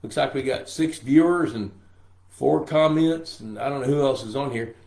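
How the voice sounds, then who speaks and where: A man's voice: medium pitch, moderate pace, gravelly, darkish tone. Scratchy-voiced older man, roomy echo. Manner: folksy and joking, greets viewers by name. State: scratchy voice from a throat infection. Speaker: pond management show host. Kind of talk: casual live-stream Q&A.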